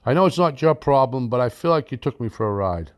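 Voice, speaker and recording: A man voicing an upset retired older man who feels cheated on a land sale, talking haltingly and repeating himself. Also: medium pitch, lively intonation, smooth, close to an everyday voice. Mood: aggrieved.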